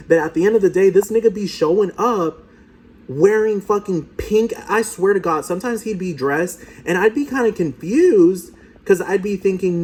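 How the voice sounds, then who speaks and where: A man's voice: high voice, moderate pace, darkish tone, husky. A man giving profane, mocking commentary over video clips.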